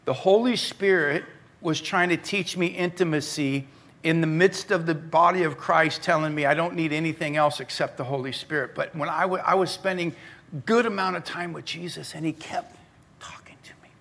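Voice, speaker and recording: A middle-aged male pastor preaching a sermon, telling stories in a conversational way that moves from animated to hushed. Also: a little high, vocal fry.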